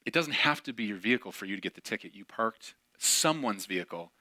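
A man quoting a female campus office clerk in a flat, matter-of-fact way. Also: on the low side, fast, no echo, voice pushed down.

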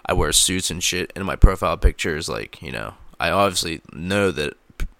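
A man with a very low, creaky voice talks straight into a close microphone. His commentary is casual and loose, packed with filler words and swearing. The sound is dry and close, with no room around it. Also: animated, fairly quick, pushed and bright, no room sound. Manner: profane, filler-heavy, laughs at own jokes. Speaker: vlogger.

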